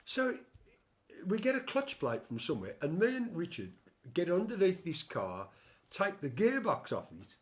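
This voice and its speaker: A man's voice: high-pitched, wildly swooping pitch, normal speed. An older man hosting a casual music chat, telling a long story with many restarts and wry asides. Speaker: show host and songwriter.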